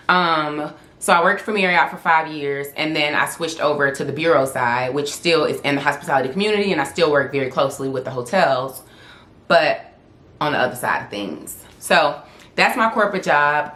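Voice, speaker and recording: A young Southern US woman, a vlogger and influencer, speaks in a low-pitched, sharp-toned voice during a casual Q&A vlog. She talks candidly and laughs often, recorded in an echoey room.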